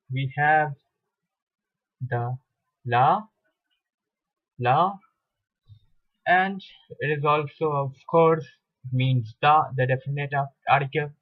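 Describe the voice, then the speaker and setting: A man gives a French grammar lesson at a very slow, measured pace, repeating key words and pausing often to gather his thoughts. His voice sits somewhat high for a man. The recording is dull and lo-fi. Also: steady tone. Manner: deliberate, hesitant with fillers and repetitions. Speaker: French teacher. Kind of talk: slow lecture explaining grammar at a board.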